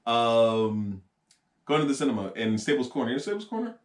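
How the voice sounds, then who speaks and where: A man's voice: mid-range voice, big pitch swings, fairly quick. A man co-hosting a podcast, joking and rambling off on tangents in casual chat. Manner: jokey, rambling, goes off on tangents. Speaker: podcast co-host. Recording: echoey room.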